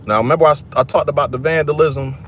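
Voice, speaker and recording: A man's voice: on the high side, steady tone, fast talker, a bit bright, a little hiss or hum. A man filming a casual vlog outdoors in a cemetery on a handheld phone, talking bluntly with plenty of swearing and a confrontational edge. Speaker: content creator. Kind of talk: casual vlog commentary while walking.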